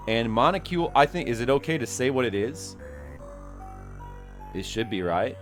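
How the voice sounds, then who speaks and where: Rambling male streamer, lively pitch. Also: moderate pace, faint music behind. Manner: rambling, self-deprecating, talks to chat. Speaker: game streamer. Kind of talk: casual live-stream chat.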